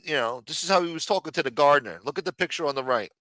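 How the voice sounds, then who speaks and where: A man's voice: fairly high pitch, lively intonation, fast, few pauses, pushed and bright, smooth, no room sound, studio quality. A man hosting a live commentary stream, sarcastic, profane and mocking as he talks. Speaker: livestream host.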